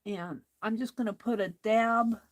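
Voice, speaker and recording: Slow-talking woman chatting while crafting. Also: on the high side, fairly even intonation. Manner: slow, chatty, talks to herself while working. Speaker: craft livestream host. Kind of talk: casual crafting livestream talk.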